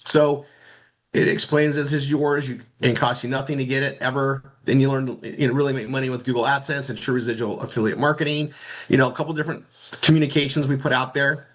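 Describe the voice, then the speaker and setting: A man teaching marketing in a casual screen-share walkthrough, rambling and halting, often repeating words as he clicks around. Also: medium pitch, steady tone. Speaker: marketing instructor.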